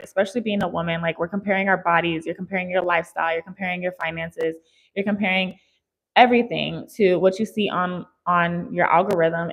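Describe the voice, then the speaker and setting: A woman's voice: mid-range voice, rough recording. A woman, a fitness creator talking candidly and directly to her viewers in a casual motivational chat. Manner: candid, talks straight to viewers.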